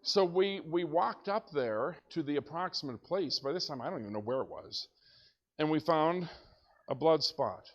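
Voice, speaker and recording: Animated storytelling pastor with a higher voice. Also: male voice, normal speed, highs cut off. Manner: animated storyteller, shouts when excited. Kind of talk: storytelling sermon. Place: church sanctuary.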